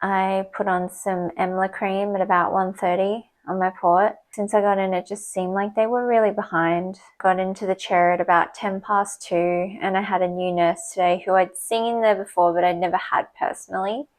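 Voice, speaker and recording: A woman's voice: mid-range voice, flat delivery, moderate pace, few pauses, rough recording. A young woman talking casually to camera, telling a candid personal story and retelling conversations. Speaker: vlogger. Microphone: small clip or desk mic, sometimes knocked.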